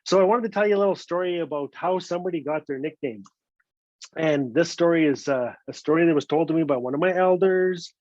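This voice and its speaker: A man tells a funny folk tale, his voice sitting a little high for a man. He plays with repetition and keeps tagging lines with "eh". The sound is dull and very dry, like a lo-fi video call. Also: brisk, dry recording. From Northwest Territories, Canada. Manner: lively, playful, repeats words for effect, ends lines with "eh". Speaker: storyteller. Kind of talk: told folk story, casual and humorous. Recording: dull, dry lo-fi online recording.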